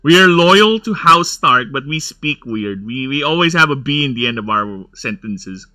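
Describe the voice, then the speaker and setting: A man's voice: medium pitch, lively intonation, normal speed, pushed and bright. A man giving casual, rambling gameplay commentary, going off on nerdy tangents and laughing often. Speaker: gameplay streamer.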